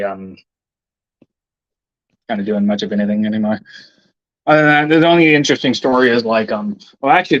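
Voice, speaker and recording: A man's voice: mid-range voice, a bit bright, dry recording. Male streamer, rambling and profane, irritable mutter, dull lo-fi sound, dry with no room. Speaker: livestreamer. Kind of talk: rambling casual stream talk.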